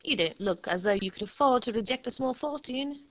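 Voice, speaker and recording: A woman voicing a stout, wealthy gentleman who pleads slowly with weary sighs, in a storybook reading. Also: fairly high pitch, lively intonation, lo-fi sound, voice pushed up. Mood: pressing.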